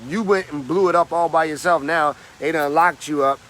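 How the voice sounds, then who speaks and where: A man's voice: on the high side, moderate pace, a bit bright. A man giving a motivational talk in an emphatic, slangy, preachy storytelling manner. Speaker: motivational speaker.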